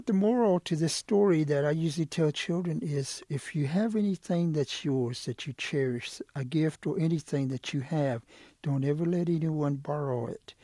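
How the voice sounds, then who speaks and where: A man telling a folk tale aloud in an unhurried, lively way. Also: a little high, no room sound, clean studio sound. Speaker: storyteller. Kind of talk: oral folk storytelling.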